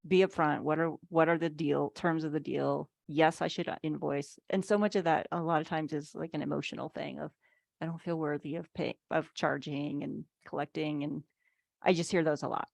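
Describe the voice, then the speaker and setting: A financial speaker with a low, gravelly voice teaches a relaxed online workshop for business owners at normal speed. Her easygoing, chatty style is full of "like"s and small acted-out asides, and over the video call she sounds dry and close, without room echo.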